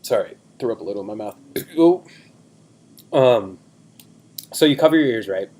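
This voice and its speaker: A man's voice: lowish voice, animated, moderate pace, a little mellow. A young man in his twenties, a podcast co-host, chatting in a rambling, self-deprecating way on a video call. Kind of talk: casual chat.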